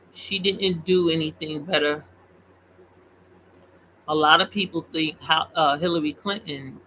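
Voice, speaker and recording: A host giving casual, opinionated commentary on politics, animated and mocking. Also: female voice, lowish voice, slight background noise, poor audio. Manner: opinionated, animated, mocks voices. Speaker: commentary vlogger.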